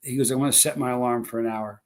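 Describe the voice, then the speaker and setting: A man's voice: mid-range voice, steady tone, quick pace. A man hosting a live stream, rambling through stories and chatting with viewers. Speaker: livestream host. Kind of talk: casual live stream chat.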